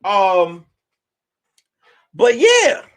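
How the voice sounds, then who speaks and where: Animated high-voiced man vlogging. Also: drawn-out words. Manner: loose and animated, bursts into song and mock voices. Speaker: comedian and vlogger. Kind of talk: casual vlog chat.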